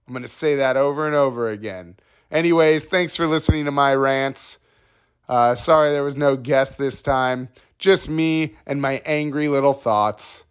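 A man's voice: mid-range voice, normal speed, clean tone, no room sound, studio quality. A man hosting a solo podcast, ranting in a rambling, self-mocking, profane way. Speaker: podcast host.

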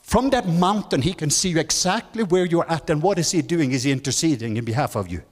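A man preaching a sermon as guest speaker, leading the congregation in call-and-response and climbing to high, emphatic lines, with non-native English phrasing. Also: lively intonation, brisk, husky. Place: large church hall. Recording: church hall reverb.

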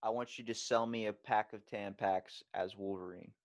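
A man hosting a podcast, talking in a fast, rambling, playful way. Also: lowish voice, fairly even intonation, no echo. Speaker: podcast host. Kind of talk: casual podcast chat.

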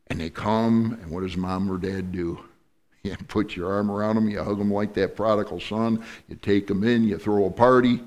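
A man preaching a sermon as pastor, swinging from loud, fervent passages to soft, pleading ones, and acting out the voices of the people he quotes. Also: lowish voice, steady tone, normal speed. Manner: acts out quoted voices of God and the congregation.

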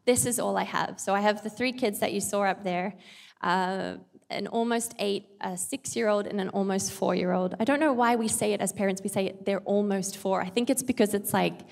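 A woman's voice: mid-range voice, moderate pace, creaky, darkish tone. A woman, giving a casual, humorous sermon in a chatty, self-deprecating way with playful asides. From Australia. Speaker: pastor. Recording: long hall reverb.

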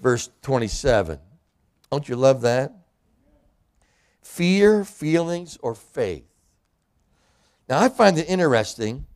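Gravelly-voiced preacher, animated and loud. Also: male voice, on the high side. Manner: animated preaching, acts out voices of people in scripture. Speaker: pastor and hospital chaplain. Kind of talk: sermon.

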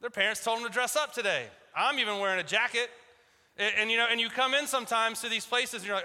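Bright-voiced pastor in a reverberant church. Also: male voice, extremely high pitch, fast talker. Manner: conversational, repeats words at restarts, acts out voices of biblical figures. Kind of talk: sermon. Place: church sanctuary.

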